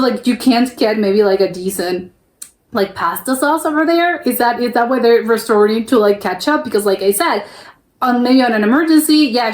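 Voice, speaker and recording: A young woman from the United States hosting a reaction video, rambling casually with lots of fillers and restarts. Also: a little high. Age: young adult. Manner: rambling, full of fillers and restarts, laughs easily. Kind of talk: casual chatty reaction commentary. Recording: echoey room.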